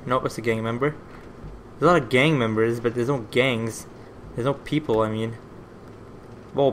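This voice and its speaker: Rambling excitable gaming commentator, man. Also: mid-range voice, slight background noise. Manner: rambling, easily excited, swears. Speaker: gaming video host. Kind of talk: let's play commentary.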